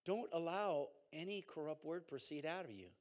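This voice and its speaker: A man preaching a sermon as pastor, in a conversational, animated way with call-and-response and repeated phrases. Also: a little high, moderate pace.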